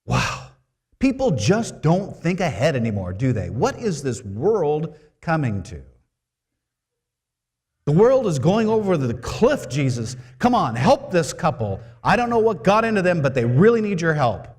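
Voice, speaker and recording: A preacher voicing an imagined fretful middle-aged mother in a strained, high mock-woman voice. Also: lively intonation, unhurried, mellow, in a large hall. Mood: scolding.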